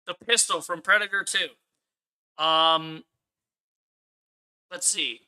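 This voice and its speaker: A man's voice: on the high side, steady tone, slow pace, pushed and bright, clean tone. A man ranting angrily on a live stream as he reviews a film, swearing often and repeating his points for emphasis. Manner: angry, profane ranting.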